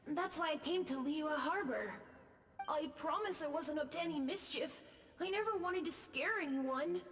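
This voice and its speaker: A timid child ghost; high, gentle, apologetic. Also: female voice, moderate pace. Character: shy lost boy ghost, timid and gentle. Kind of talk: video game dialogue. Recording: game audio with faint music.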